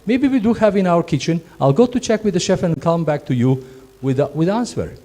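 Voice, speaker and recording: A man's voice: fairly high pitch, lively intonation, brisk, mellow, pitched above the performer's own voice. A man voicing an overly sweet, eager-to-please male ship steward who answers a guest. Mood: sugary polite.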